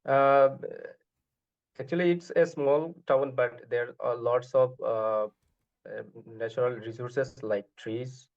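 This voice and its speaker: A man from Bangladesh, answering speaking test questions with many pauses and fillers. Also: medium pitch, steady tone. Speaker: exam candidate. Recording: dull lo-fi call audio.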